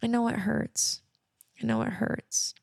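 On her own podcast, a young woman speaks earnestly about faith, reassuring listeners and repeating phrases again and again. She keeps a steady tone at a measured pace; her voice is a little high and darkish, with vocal fry, recorded cleanly in a studio with no echo.

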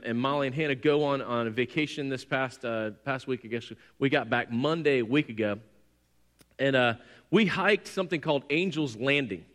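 A man in his forties preaching a sermon, telling a personal story and swinging from quiet to loud, excited bursts. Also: a little high. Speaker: pastor. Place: church hall. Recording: long hall reverb.

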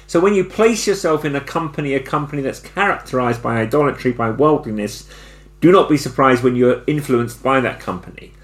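Middle-aged male preacher, mid-pitched voice, earnest sermon delivery, rising to emphatic repetition. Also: brisk. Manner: builds to emphatic repeated phrases.

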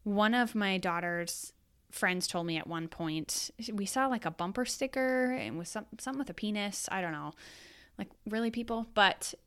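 A woman in her thirties with a smooth, clear voice chats frankly on her solo podcast. She talks as a mother, wanders off into asides and corrects herself as she goes. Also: mid-range voice, animated, normal speed. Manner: chatty, frank, rambling with self-corrections. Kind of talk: casual solo podcast monologue.

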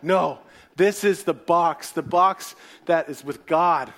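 A man preaching a sermon voices panicky male ancient soldiers who shout fast and breathlessly. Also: on the high side. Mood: panicked.

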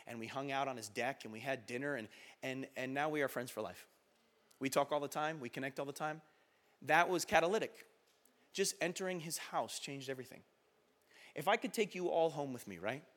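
A man in his thirties preaching a sermon as pastor, passionate and building to loud exhortation, acting out quoted voices. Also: medium pitch, a little fast.

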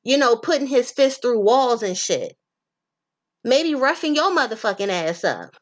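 Profane, animated woman talking to listeners. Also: on the high side, a little slow. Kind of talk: casual monologue on relationships.

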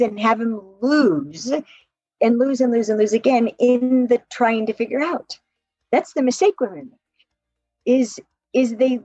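Here the relationship coach has a husky, fairly high voice as she laughs a lot and performs quoted lines while telling stories on a podcast. There's no echo, and the top end of the audio is cut off.

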